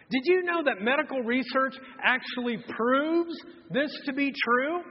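A man in his thirties preaching a humorous sermon, telling a self-mocking story in an animated way. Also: very high voice, unhurried, in a large hall, lo-fi sound. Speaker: pastor. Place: church auditorium.

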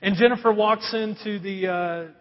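A man's voice: high voice, moderate pace, long reverb tail, dull audio. A middle-aged man preaching a sermon in a church, telling folksy stories and calling his congregation folks. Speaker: pastor. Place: church sanctuary.

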